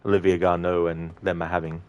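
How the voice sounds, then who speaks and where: A man's voice: deep voice, little pitch movement, a little fast, clear, resonant tone, lo-fi sound. A man giving casual gameplay commentary, rambling, swearing casually and laughing often. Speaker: game commentator.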